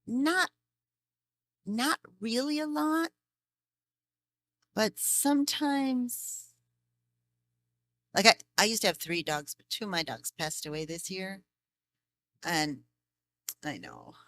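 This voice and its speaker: Bright-voiced, chatty voice actress at a panel. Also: female voice, medium pitch, slow pace, pauses often. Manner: chatty, laughs often, animated storytelling. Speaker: voice actress guest. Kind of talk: convention Q&A.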